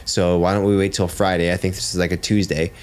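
A man's voice: deep voice, little pitch movement, quick pace, darkish tone. A man in his thirties, a jiu-jitsu coach and father, telling stories in casual podcast chat, blunt and swearing freely. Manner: blunt, swears freely, says "dude" often.

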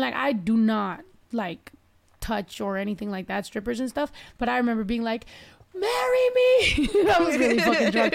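A woman with a slightly high voice and a gravelly edge, chatting casually as a co-host. She tells rambling, profane stories and laughs through them. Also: darkish tone. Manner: loose, profane storytelling with laughs. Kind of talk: casual chat.

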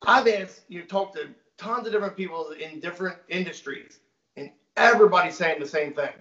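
A man's voice: high voice, brisk, fairly bright tone. A man in his thirties, a shop owner and guest, talking bluntly and casually with some swearing. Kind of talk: casual podcast conversation. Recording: echoey, muffled audio.

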